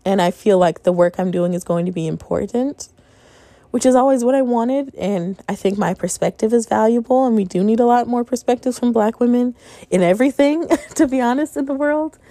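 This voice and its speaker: A woman's voice: fairly high pitch, fairly quick, warm tone, no echo. Exasperated young woman telling stories. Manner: frank, exasperated storytelling with frequent laughter. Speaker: podcast host. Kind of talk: casual monologue.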